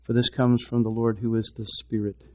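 A man preaching a sermon, swinging from hushed, repeated words to loud, impassioned exhortation. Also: mid-range voice, little pitch movement, normal speed. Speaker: pastor.

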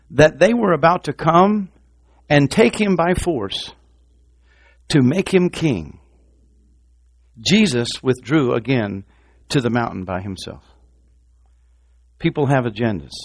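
A man preaching a sermon, swinging from loud, high exclamations to quiet, low lines and calling on the congregation to repeat after him. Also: very animated, slow pace, long pauses, no echo. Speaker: pastor.

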